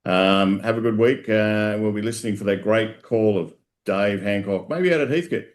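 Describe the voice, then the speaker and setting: A man with an Australian accent and a very low, deep voice, hosting a footy show. He talks in loose, jokey banter and tells long pub jokes with a laugh. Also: normal speed. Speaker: football show host. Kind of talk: casual pre-game banter.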